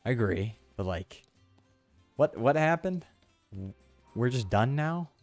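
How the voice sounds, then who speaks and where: Joking streamer man, lively voice. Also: mid-range voice, takes it slowly, no echo, faint music behind. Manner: joking, self-mocking, slangy, breaks into character voices. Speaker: gaming streamer. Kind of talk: casual gameplay commentary.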